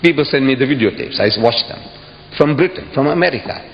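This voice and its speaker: A man giving an impassioned public speech to an audience, emphatic and repeating phrases, with sudden high exclamations. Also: animated, fast. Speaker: public speaker addressing an audience. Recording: dull echoey hall recording with faint hiss.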